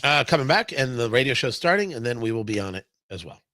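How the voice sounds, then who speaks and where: A man's voice: medium pitch, sing-song, fast talker, bright, forceful tone, a little hiss or hum. A man hosting a casual live talk show, reading viewer comments aloud and answering them with sarcastic banter and many restarts. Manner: rambling, many restarts and fillers.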